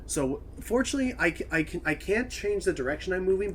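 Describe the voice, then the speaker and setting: Young guy doing lets play commentary, kinda high voice, rambly, faint hiss behind. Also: animated, fast talker. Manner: rambling, self-correcting explanations. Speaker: game commentary player. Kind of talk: casual gameplay commentary.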